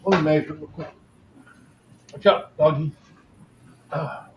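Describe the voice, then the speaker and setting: A man's voice: fairly high pitch, steady tone, unhurried, muffled recording, slight background noise. A man hosting a casual podcast chat, explaining technical gear in a matter-of-fact way. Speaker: podcast host.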